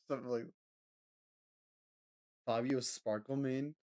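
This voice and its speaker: A man's voice: mid-range voice, little pitch movement, measured pace, pauses often, darkish tone, smooth. A man chatting casually with his live-stream audience, rambling with lots of fillers and frequent laughter. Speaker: livestreamer.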